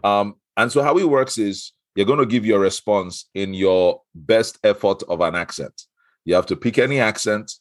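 A man runs his podcast with a low voice and a dry, close sound. He is playful and animated, and he drops into quick asides. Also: no room sound. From Nigeria. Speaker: podcast host. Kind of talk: casual podcast chat.

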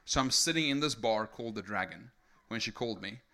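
Young man from South Africa, testimony sermon, bright forceful voice, keeps checking in with the crowd. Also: on the low side, a little fast. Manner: energetic storytelling with many rhetorical "right?" tags. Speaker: speaker giving testimony. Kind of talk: sermon testimony to a live audience.

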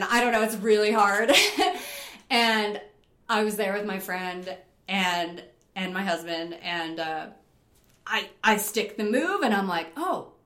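A middle-aged woman from New York telling animated, laughing stories about climbing, acting out her own past panic. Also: fairly low pitch. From Rochester, New York. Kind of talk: casual storytelling. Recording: roomy echo.

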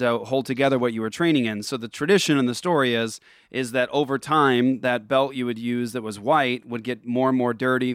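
A man's voice: mid-range voice, smooth, dry recording. Chatty man hosting, dry close sound. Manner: storytelling, chatty, laughs easily. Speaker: podcast host. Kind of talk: casual chat.

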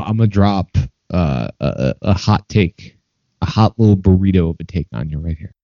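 A man's voice: medium pitch, mellow, dry recording, muffled recording. A man co-hosting a podcast, giving rambling hot takes in casual chat with lots of fillers. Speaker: podcast co-host.

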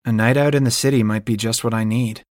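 A man's voice: mid-range voice, fairly even intonation, quick pace, darkish tone, no echo, studio quality. A man reading a first-person audiobook in a wry, self-mocking storytelling manner. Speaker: audiobook narrator.

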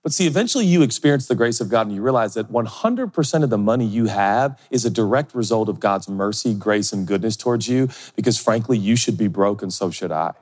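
A man's voice: lowish voice, fairly quick, few pauses, long reverb tail. A middle-aged male pastor preaching a sermon, funny and self-deprecating, often acting out other people's voices. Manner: animated, humorous, acts out quoted voices.

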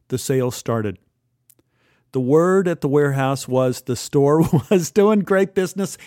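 A man's voice: medium pitch, darkish tone, no room sound. Dry-voiced man telling a memoir story. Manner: dry, wry. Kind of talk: first-person memoir storytelling.

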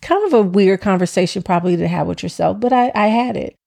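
Animated woman telling her story. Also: mid-range voice, quick pace, gravelly. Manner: animated, acts out her own past speech, swears freely. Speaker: interviewee recounting her childbirth. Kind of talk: personal storytelling.

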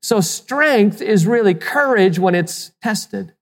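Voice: mid-range voice, expressive, slow, long reverb tail. A pastor preaching a sermon with emphasis, asking the listeners rhetorical questions and sometimes repeating words as he restarts.

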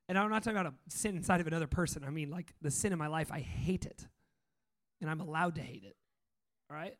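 A young male speaker with a noticeably high voice delivers a loose, conversational sermon. He tells stories with excitement and breaks into easy laughs. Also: a little fast, long pauses. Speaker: speaker at a training school. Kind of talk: informal sermon talk.

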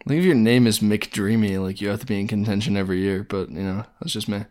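A man's voice: lowish voice, steady tone, fast, darkish tone. A man co-hosting a casual podcast, laid-back and rambling with fillers. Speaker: podcast co-host. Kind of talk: casual sports podcast chat.

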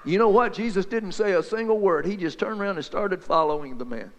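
A man telling Bible stories as a folksy, excited back-and-forth chat between two friends. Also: high voice, a little fast, long reverb tail. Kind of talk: two-voice dramatized Bible storytelling.

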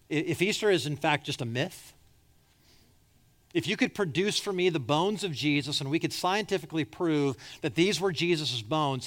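A man preaching a sermon with passion. He swings between loud, urgent pleading and soft, hushed lines, and he repeats words when he presses a point. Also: a little high. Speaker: pastor.

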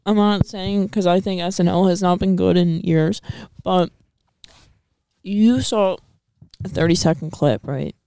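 Sarcastic woman with a gravelly voice. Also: fairly low pitch, measured pace, warm tone, dry recording, studio quality. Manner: sarcastic, argumentative, profane. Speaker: podcast co-host. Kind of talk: casual chat.

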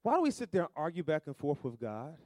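A man preaching a sermon in a call-and-response style, moving between soft asides and loud, stretched-out emphasis. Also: on the high side, huge pitch swings, fast talker, no room sound, studio quality.

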